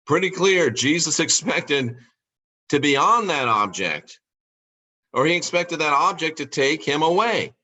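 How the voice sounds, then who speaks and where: A man delivers a podcast monologue in a slightly high, sharp, forceful voice. He builds his case with rhetorical questions, repeats key phrases, and slows right down to lean on the words he wants to stress. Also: sing-song. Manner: rhetorical questions, emphatic repetition. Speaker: podcast host. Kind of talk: monologue on scripture.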